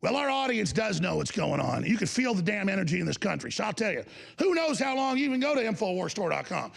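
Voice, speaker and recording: A male talk show host delivering an angry, profane broadcast tirade, shouting often. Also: high-pitched, very animated, fast, creaky. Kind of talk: ranting broadcast monologue.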